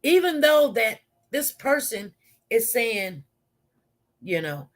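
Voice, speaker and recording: A woman's voice: fairly high pitch, sing-song, slow pace, long pauses. A woman who works as a nurse, telling a work story to her viewers in a casual live stream. She rambles and repeats herself as she talks straight to them.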